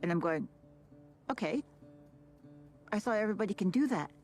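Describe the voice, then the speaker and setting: A woman's voice: medium pitch, lively intonation, normal speed, a little mellow. A woman telling a personal story, acting out the voices of the people she quotes. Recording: music bed under the voice.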